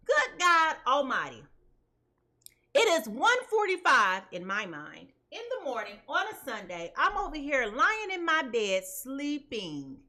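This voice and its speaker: A woman tarot reader talking in an animated, emphatic, chatty way, checking in with listeners as she goes. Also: high voice. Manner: animated and emphatic, keeps asking listeners "okay?"; chatty and colloquial, addresses viewers as "y'all". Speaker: tarot reader and channel host. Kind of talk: casual commentary before a tarot reading.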